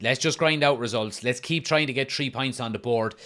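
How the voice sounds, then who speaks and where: A man's voice: medium pitch, brisk, a bit bright. Casting: man in his 30s, laid-back football stream host, chatty, reads comments aloud, laughs easily. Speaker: football watch-along host. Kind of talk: casual live-stream chat. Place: front room at home.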